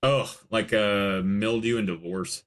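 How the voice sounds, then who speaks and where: A man hosting a podcast, chatting casually about a movie with quick jokes and frequent laughter. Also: lowish voice. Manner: animated, laughing, jokey asides. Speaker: podcast host. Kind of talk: casual movie commentary chat.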